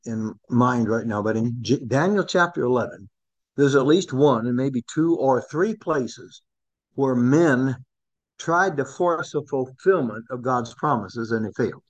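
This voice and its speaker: Man teaching a Bible class, dull recording. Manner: conversational, asks the class questions, rises in pitch for emphasis.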